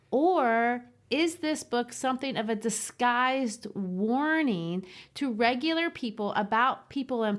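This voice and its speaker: A woman co-hosting a literature podcast, explaining ideas in a thoughtful, lively way. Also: on the high side. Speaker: podcast co-host. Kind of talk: casual literary discussion.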